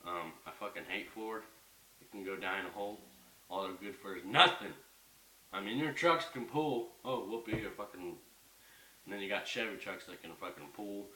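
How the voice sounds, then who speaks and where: A man's voice: lowish voice, normal speed, pushed and bright. A young man ranting in a casual home vlog, heated and profane, rambling as he goes. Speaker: vlogger. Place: bedroom at home. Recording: echoey room, mic at a distance, faint hiss.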